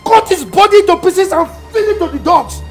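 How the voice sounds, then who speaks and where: An actor playing a menacing father who threatens to kill a young man, shouting his threats. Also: very high-pitched, moderate pace. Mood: threatening. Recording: echoey, distant film audio with music.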